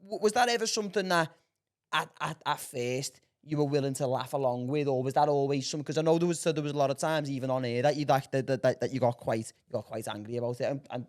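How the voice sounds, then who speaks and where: Rambling, stammering podcast host. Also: male voice, mid-range voice, quick pace. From Liverpool area, England. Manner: rambling, stammers and restarts, laughs often. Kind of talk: casual podcast chat.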